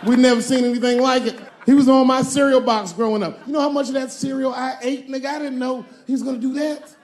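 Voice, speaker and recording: A man in his forties performs stand-up, his voice sitting fairly high for a man. He talks to the crowd in a loose, profane, conversational way. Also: steady tone, quick pace, a little mellow. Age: 40s. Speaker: stand-up comedian. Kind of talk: stand-up comedy. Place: comedy stage before a live audience.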